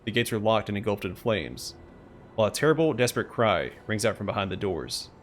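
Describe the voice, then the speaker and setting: Low voiced guy reading game story aloud, lots of ups and downs in his voice. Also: brisk, slight background noise. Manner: expressive storytelling read. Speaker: let's play host.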